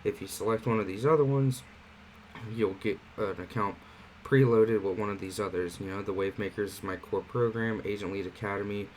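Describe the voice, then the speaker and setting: Man, lowish voice, relaxed tutorial host, faint air-conditioner hum in the room. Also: normal speed, poor audio. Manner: relaxed, conversational walkthrough with fillers. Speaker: online marketing platform host. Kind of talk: casual screen-share tutorial.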